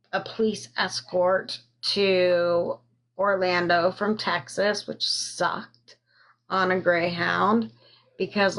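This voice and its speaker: Woman on a phone livestream telling her own story, slow and halting, lots of ums, thanks viewers as she goes. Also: on the low side, vocal fry, a bit bright. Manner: slow and halting, many pauses and fillers. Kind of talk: personal story told on a live stream, thanking viewers.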